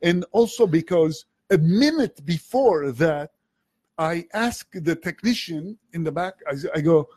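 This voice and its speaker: A comedian telling a story in casual chat, animated, slipping into other voices and another language. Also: male voice, fairly high pitch, unhurried, breathy edge. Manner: animated storyteller, switches between English and Armenian, does voices in quotes.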